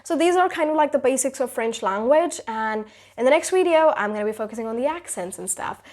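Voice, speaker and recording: A young woman teaches a casual video lesson for beginners. Her voice sits a little on the high side. She talks loosely, leaning on fillers like "you know" and "like". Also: lively intonation, brisk, darkish tone. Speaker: YouTube creator teaching basic French.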